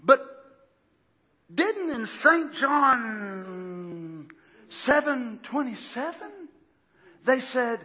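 A man preaching a fiery sermon, shouting and swinging into mocking impressions. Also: very high-pitched, very animated, extremely slow, pauses often. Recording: lo-fi muffled sound.

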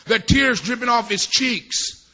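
A man preaching a sermon at a church service, telling folksy, rambling stories that swell into fervent shouts. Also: very high-pitched, unhurried. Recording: dull lo-fi recording.

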